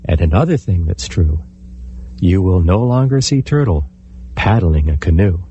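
Man, storyteller, folktale, husky, animated, wide pitch swings. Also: normal speed, lo-fi sound. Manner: expressive, animated.

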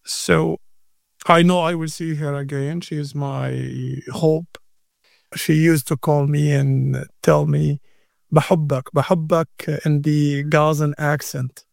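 Slow, gravelly man. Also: on the high side, flat delivery, dry recording, studio quality. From Gaza. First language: Arabic. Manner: halting, repeats words, earnest. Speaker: interview guest. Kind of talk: emotional interview answer.

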